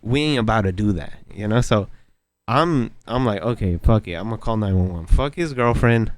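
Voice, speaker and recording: A man's voice: on the low side, lively intonation, moderate pace, no echo. A young man telling a casual, slangy story with plenty of swearing, often breaking into laughter at his own telling. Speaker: vlogger.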